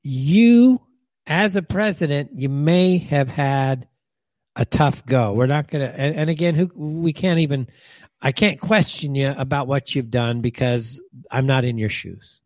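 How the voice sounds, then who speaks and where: A man's voice: medium pitch, a little slow, a little mellow, no room sound, dull audio. A man hosting a talk show in a ranting monologue, firing rhetorical questions at listeners and calling people names. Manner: scornful, name-calling.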